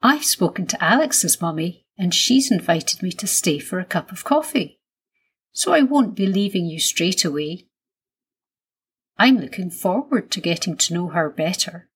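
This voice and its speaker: A calm young mother reassures her nervous child, read by a woman. The voice is soft and a little breathy, slow and warm-toned for a bedtime story. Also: lowish voice, heavily acted. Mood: gentle. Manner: soothing, lightly teasing.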